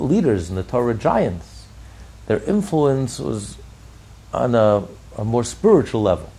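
Man, rabbi giving a Torah class, gravelly husky voice, emphatic repetition. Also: mid-range voice, dark tone. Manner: builds emphasis through repeated phrases. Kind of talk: Torah lecture.

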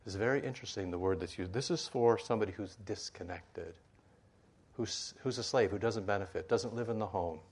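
A man's voice: on the low side, fairly quick, slightly rough. A man preaching a sermon in a conversational way, with asides and rhetorical questions, in a meeting room with a board.

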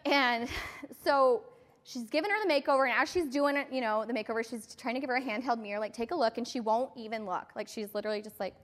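Woman team leader, higher voice, casual and chatty motivational talk, reverberant hall sound. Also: fast talker. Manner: chatty, filler-heavy storytelling. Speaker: team leader speaking to her sales team.

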